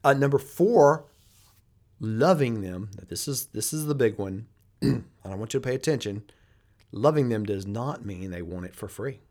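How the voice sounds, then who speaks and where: A middle-aged man hosts a business podcast, speaking in a fairly low, slightly mellow voice at normal speed with an animated delivery. He talks casually in a conversational monologue, telling stories and frequently restarting his sentences.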